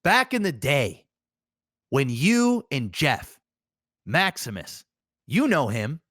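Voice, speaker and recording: A man doing an impression of an earnest, excitable male music interviewer who draws his words out for emphasis. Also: mid-range voice, slow, dry recording, clean studio sound, voice pushed down, full character voice. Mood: earnest, building.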